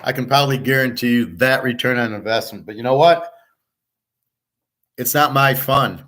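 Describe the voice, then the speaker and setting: A man's voice: medium pitch, moderate pace, a bit bright. Brash, profane man ranting. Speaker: sports betting handicapper. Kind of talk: blunt monologue.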